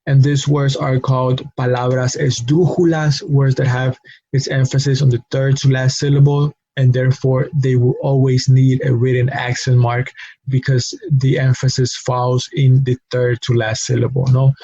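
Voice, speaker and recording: A man teaching a language lesson, explaining pronunciation rules slowly with many fillers and repeating each example word. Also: mid-range voice, flat delivery, dark tone, husky, dry recording. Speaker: Spanish teacher. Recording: dull lo-fi recording.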